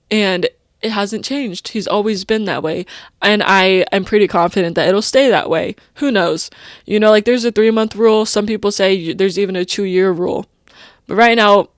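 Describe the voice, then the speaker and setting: Her voice mid-range, a young podcast host shares openly and emotionally in a casual confessional monologue, her words rambling along with plenty of "like" and "you know." It's recorded in studio quality with no room sound.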